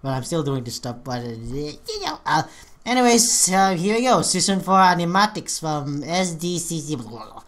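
A woman hosting a casual reaction video, excitable and swearing freely. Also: deep voice, moderate pace.

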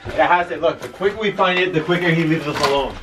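A man tagging along on a ghost-hunt vlog, making low-key, offhand remarks to his friend. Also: fast, reverberant. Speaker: vlogger's friend. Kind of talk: casual chat. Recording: distant from mic, loud background noise.

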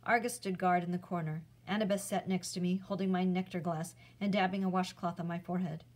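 A woman, a teacher, reading a chapter book aloud in a clear, steady storytelling voice. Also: fairly low pitch, a little fast, rough recording.

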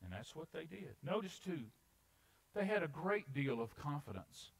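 Male preacher, highish voice, lively swings in pitch, dramatic scripture reading; church sermon. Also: normal speed, gravelly, slightly rough, rough recording. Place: church sanctuary.

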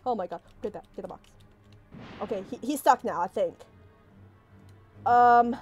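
A young woman playing a horror game, panicking, swearing and yelping as something chases her, then talking herself calm. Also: medium pitch, normal speed, pauses often. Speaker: gaming streamer. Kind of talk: let's play commentary. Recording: faint game music behind.

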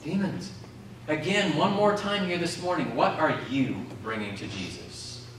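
A man's voice: fairly high pitch, expressive, unhurried, a bit bright, slight background noise. A man preaching a sermon, calling out questions to the congregation. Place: community centre hall. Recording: echoey hall from far off.

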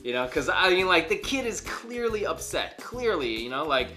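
A man co-hosting a casual online news show reacts to a viral video. His speech is loose and full of fillers. His voice sounds bright and his pitch moves around a lot. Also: sing-song, normal speed, faint music behind. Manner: chatty, lots of fillers like dude and you know. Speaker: co-host of a news commentary show. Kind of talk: casual commentary chat.

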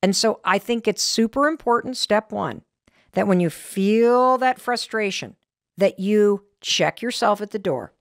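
Woman, American accent, middle-aged, podcast host, lively swooping pitch, dry close sound. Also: unhurried, no room sound. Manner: candid, animated storytelling. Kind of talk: motivational podcast talk.

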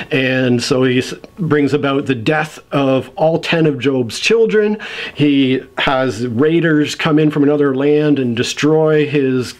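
Middle-aged guy chatting through a book review, animated, playful retelling. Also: medium pitch, measured pace. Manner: animated storyteller, retells scenes with playful voices and laughs. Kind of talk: casual spoken book review.

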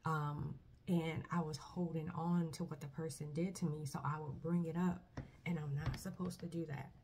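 A woman talking casually to camera about her faith. She speaks earnestly and haltingly, starting sentences over often. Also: sits low, little pitch movement, breathy edge. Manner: earnest, halting, soft-spoken with many restarts. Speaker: vlogger. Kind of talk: personal faith testimony, casual talk.

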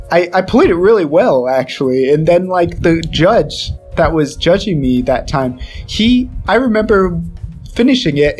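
A young man with a fairly high, darkish voice co-hosts a podcast in casual chat. He rambles with lots of fillers and scats melodies aloud.

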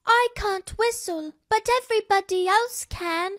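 A woman voicing a small, cheerful cartoon piglet girl in a squeaky, bouncy child voice. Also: measured pace, fairly bright tone, dry recording, studio quality.

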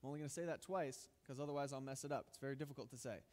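A man's voice: medium pitch, rapid-fire, a little mellow, long reverb tail. A male pastor giving a sermon in a conversational, emphatic way with light humor.

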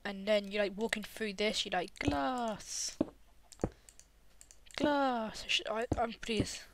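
A woman's voice: mid-range voice, little pitch movement, normal speed, background noise. A woman casually commenting on her game while building, rambling and easily distracted, now and then breaking into little hums.

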